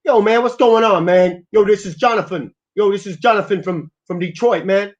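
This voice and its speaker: A brash young male caller, played by a man, speaking well above normal pitch. He is slangy and overfamiliar and pushes the listener to remember him. The sound is muffled and lo-fi. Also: moderate pace. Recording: lo-fi muffled recording.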